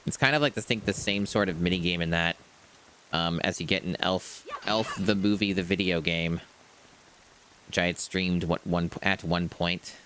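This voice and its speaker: A man's voice: sits low, fairly even intonation, normal speed, sharp tone, a little hiss or hum. A man streaming a video game, musing aloud in a rambling, casual let's-play commentary.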